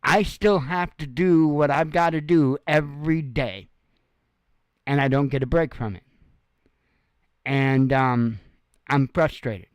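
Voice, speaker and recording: A man's voice: fairly high pitch, slow, long pauses, smooth, no echo. A tired, sore man speaking frankly in a rambling casual monologue, swearing freely. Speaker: host.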